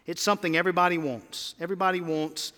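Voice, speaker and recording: High, bright-voiced preaching man. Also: steady tone, fast. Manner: emphatic, calls for congregation responses. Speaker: pastor. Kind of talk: sermon. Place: church sanctuary. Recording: long hall reverb.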